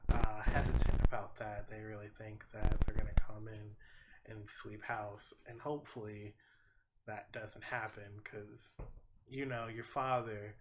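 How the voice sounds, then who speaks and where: A man voicing a warm, worried middle-aged mother who speaks affectionately and anxiously. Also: medium pitch, a little hiss or hum, close to an everyday voice. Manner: affectionate, then anxious and concerned.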